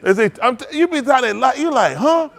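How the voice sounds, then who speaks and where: A man's voice: very high-pitched, lively intonation, a little fast, gravelly. A man preaching in a folksy storytelling sermon, laughing often and repeating phrases as he acts out quotes. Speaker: pastor.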